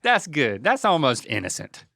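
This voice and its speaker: Animated middle-aged man with a dry close sound. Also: medium pitch, normal speed, gravelly, no echo. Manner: animated, laughing, mock-exasperated reactions. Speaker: podcast host. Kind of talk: casual podcast chat.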